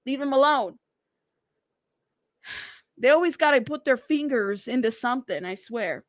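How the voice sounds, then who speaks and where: A woman's voice: high-pitched, expressive, measured pace, no echo, studio quality. A woman hosting a casual live stream, talking in a sassy, teasing way and laughing often. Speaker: live-stream news host.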